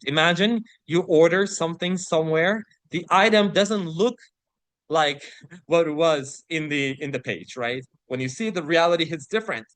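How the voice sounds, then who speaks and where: This vocabulary teacher, a man whose voice sits a little above average and sounds a bit bright, runs an online English lesson, defining words and slowing down to read example sentences and passages aloud. He frequently checks in with "right?", recorded dry and close.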